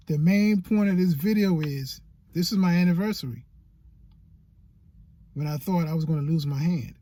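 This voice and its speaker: A man's voice: high-pitched, warm tone, husky, dry recording. A man giving motivational vlog talk as a YouTube coach, preachy and repeating phrases for emphasis.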